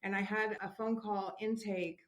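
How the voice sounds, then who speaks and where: A woman's voice: mid-range voice, level tone, moderate pace. A woman from Washington state, a parent and podcast guest, telling her story candidly and earnestly. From Washington state, USA. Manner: candid, earnest, close to tears at times. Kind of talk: emotional personal storytelling.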